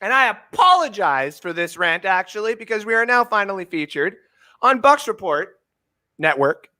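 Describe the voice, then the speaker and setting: A Canadian man in his thirties co-hosting a sports podcast, ranting with heavy swearing, swinging from shouting to muttering. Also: high-pitched, big pitch swings, moderate pace. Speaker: fantasy sports podcast co-host.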